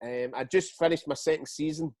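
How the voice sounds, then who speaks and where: A Scottish man in his forties, a guest telling stories in a casual interview, halting and repeating words as he goes. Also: fairly high pitch, no room sound. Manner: lively storyteller. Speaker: guest, retired footballer.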